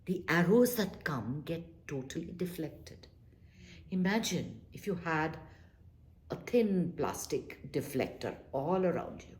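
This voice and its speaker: Low-voiced woman teaching meditation. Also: animated, takes it slowly. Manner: earnest, gently coaxing, acts out little quoted exchanges. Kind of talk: spoken class talk on calm and meditation.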